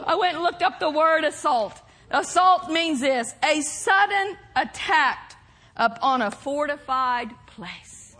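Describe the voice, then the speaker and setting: Woman preacher, lively high voice swinging wide, bursts of loud laughter between unhurried lines. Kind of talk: sermon.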